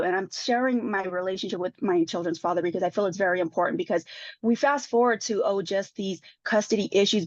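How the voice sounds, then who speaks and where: A woman's voice: mid-range voice, no room sound. A woman speaking as a podcast panel guest about her own experience, emotional and full of restarts and repeated words. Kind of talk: personal testimony in a podcast panel. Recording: dull lo-fi dry sound.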